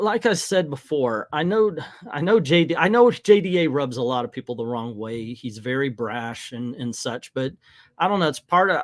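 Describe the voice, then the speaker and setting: A man's voice: on the high side, fairly bright tone, no echo, clean studio sound. Rambling middle-aged man hosting a livestream. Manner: rambling, frank, hesitant. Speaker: livestream host. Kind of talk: casual livestream commentary. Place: in front of a green screen.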